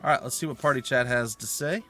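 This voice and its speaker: A man's voice: medium pitch, fast, bright, forceful tone, faint music behind. A man hosting a let's play, chatting casually and joking as he talks to the enemies on screen. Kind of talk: casual gaming commentary.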